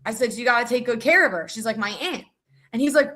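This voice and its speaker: A woman's voice: fairly high pitch, fast talker, bright, forceful tone. Frank woman. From South Philadelphia. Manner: frank, down-to-earth, matter-of-fact. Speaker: guest realtor. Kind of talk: casual podcast chat.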